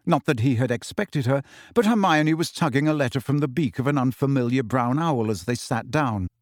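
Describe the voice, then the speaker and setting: A man narrating a novel in a steady, measured way. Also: mid-range voice, dry recording, clean studio sound. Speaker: audiobook narrator. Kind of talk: scripted narration.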